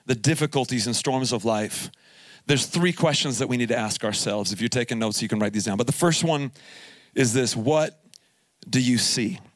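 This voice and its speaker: A pastor with a mid-range voice, recorded without echo, preaches live at a camp. He keeps things jokey, telling funny stories and laughing as he goes.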